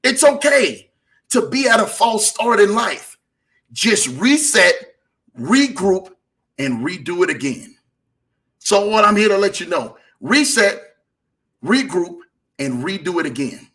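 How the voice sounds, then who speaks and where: A man's voice: high-pitched, sing-song, takes it slowly, long pauses, a bit bright. A man hosting a motivational broadcast, exhorting listeners in a repetitive, preaching rhythm. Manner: repetitive, rising and falling exhortation. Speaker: motivational show host.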